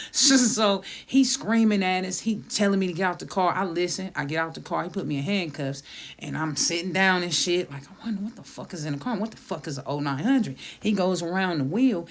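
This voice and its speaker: A middle-aged woman comedian telling a profane story, laughing often and acting out the quotes. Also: medium pitch. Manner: laughs through the story, swears a lot, acts out quotes.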